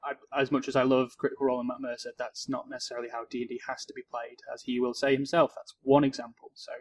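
A man from Cheshire, co-hosting a casual podcast and giving calm, encouraging advice with small restarts. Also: medium pitch, fast, rough recording. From Cheshire, England. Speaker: podcast co-host.

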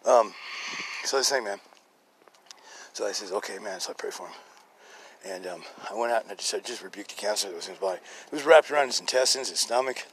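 A man on a podcast spins a loose, chatty story about prayer and healing. He swings from quiet, near-whispered asides to loud, excited quoted lines, laughing often along the way. It sounds recorded on a phone outdoors. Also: lowish voice, fast, gravelly, pauses often, slight background noise. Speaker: podcast host telling a testimony. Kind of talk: rambling casual storytelling. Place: outdoors in a neighborhood, birds and a dog nearby.

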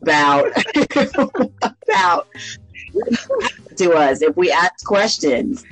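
A woman co-hosting a faith podcast, telling a personal story in casual chat and acting out the dialogue with lively laughter. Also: low-pitched, slow pace, faint music behind, rough recording. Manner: animated storyteller who acts out quoted dialogue and laughs often. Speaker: podcast co-host.

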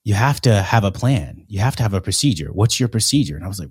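A man's voice: on the low side, expressive, fast, husky, no room sound, studio quality. A man on a casual podcast, telling long rambling stories full of profanity.

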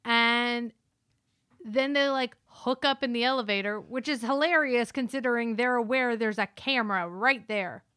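A woman's voice: fairly high pitch, normal speed, bright, forceful tone, clean tone, dry recording, studio quality. A woman co-hosting a casual movie review chat, retelling scenes with lots of fillers and quoted lines. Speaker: podcast co-host.

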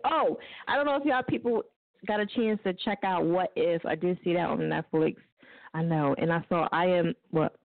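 A woman hosting a casual call-in radio show, joking loudly and laughing often. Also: on the low side, dry recording. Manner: loud, joking, laughs often, puts on voices for quotes. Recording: tinny phone-line sound, dry.

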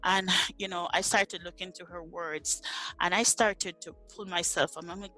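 A middle-aged woman tells her story of faith in an interview, earnest and searching, often circling back over her words. Her voice is bright and sits a little low, with soft music faintly underneath. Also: fairly even intonation, normal speed. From Jamaica. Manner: earnest, repeats words while searching for them. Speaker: interview guest. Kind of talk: personal faith testimony in conversation.

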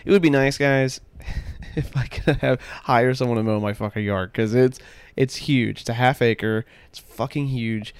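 Smooth-voiced man in casual podcast chat. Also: medium pitch, unhurried, no room sound. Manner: rambling, swears a lot, laughs often. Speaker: podcast co-host.

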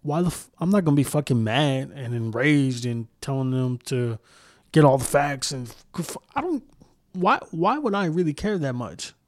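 A man's voice: mid-range voice, animated, moderate pace, dry recording. A man hosting a solo podcast, ranting heatedly and with heavy profanity, often restarting sentences as he searches for words. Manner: heated, profane, repeats himself. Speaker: podcast host.

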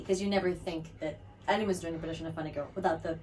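A woman's voice: on the low side, rapid-fire, far from the mic, slight background noise, rough recording. An American woman in a casual interview, chatty and self-deprecating, laughing often. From United States. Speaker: musical theatre actress, interview guest.

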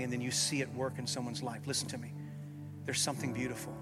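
A man preaching a sermon as pastor, swinging from loud emphatic peaks to quiet, earnest low passages. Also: flat delivery, fast talker, loud music behind the voice. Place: church sanctuary.

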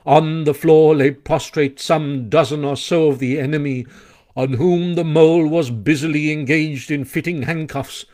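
A man reading a classic children's story aloud with expressive, animated narration. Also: a little high, measured pace. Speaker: audiobook narrator.

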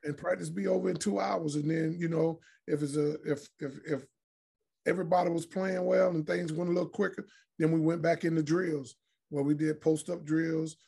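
Husky and on the high side, with vocal fry, this man speaks at a moderate pace. He's a retired pro basketball player in middle age, guesting on a podcast and spinning animated anecdotes that are blunt and full of profanity in a relaxed interview.

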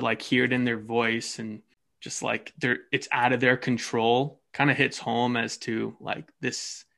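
A man co-hosting a casual podcast, talking in a rambling, halting way with many restarts. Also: mid-range voice, vocal fry, fairly bright tone. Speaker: podcast co-host.

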